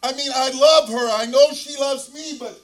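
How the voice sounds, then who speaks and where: A man's voice: very high-pitched, normal speed, pitched above the performer's own voice, poor audio. A man voicing an anxious, pious husband in a spoken story, pleading with God in a raised, strained voice.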